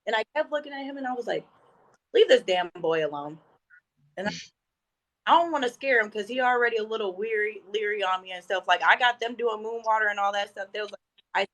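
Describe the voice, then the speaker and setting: This podcast guest, a woman in her thirties, has a fairly high voice and talks fairly quickly over poor audio. Her spiritual stories come out in casual chat, lively, with quoted lines performed aloud.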